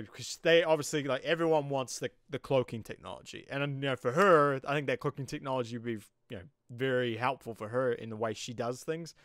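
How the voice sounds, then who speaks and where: A man's voice: mid-range voice, a bit bright, smooth, no echo, clean studio sound. A man with a New Zealand accent giving a casual, rambling episode review, full of "you know" fillers. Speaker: TV show reviewer.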